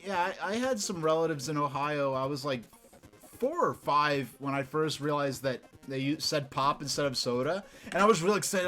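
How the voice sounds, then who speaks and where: A man from New York chatting casually and rambling while he streams a video game, getting excited easily. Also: on the high side, normal speed, faint music behind.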